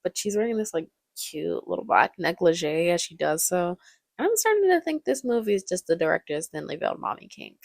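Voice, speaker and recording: A woman's voice: fairly low pitch, sing-song, fairly quick, gravelly, no room sound, studio quality. A young woman giving casual, joking movie commentary, laughing often.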